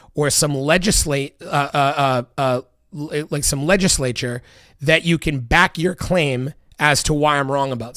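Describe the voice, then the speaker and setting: A man's voice: fairly high pitch, fairly bright tone, dry recording, clean studio sound. A man delivering a heated, profanity-laced political rant, emphatic and repetitive. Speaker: political commentator.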